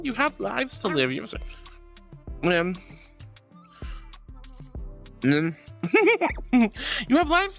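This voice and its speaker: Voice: mid-range voice, fairly bright tone. A streamer in casual live-stream chat, thanking viewers and calling them sweetie and honey, laughing often.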